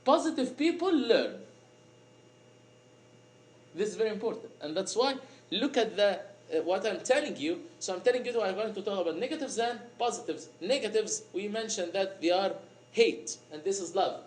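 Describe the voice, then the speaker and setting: A man's voice: high-pitched, brisk. A man from Egypt giving an informal storytelling sermon, with many fillers and frequent laughs. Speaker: priest giving a talk. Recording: echoey room with faint noise.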